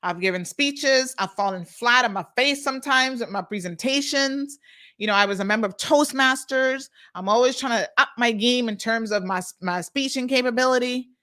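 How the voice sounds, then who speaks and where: Woman hosting a live talk show, bright punchy voice, blunt and emphatic, chatting straight to viewers. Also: a little high, normal speed. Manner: outspoken, emphatic, addresses viewers directly. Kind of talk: unscripted live commentary, reading viewer comments.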